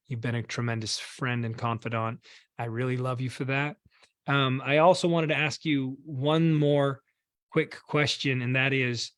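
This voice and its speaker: Male host of a community call, warm and effusive, mid-pitched. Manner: warm, effusive thanks and praise. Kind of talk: hosting a community video call.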